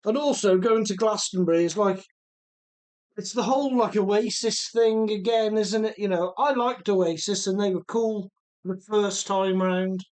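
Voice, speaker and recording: A man's voice: high voice, a little slow, a little mellow. A middle-aged man from Telford, chatting casually while repairing a remote-control car and reading out viewer comments. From Telford, English Midlands. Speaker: RC car channel host.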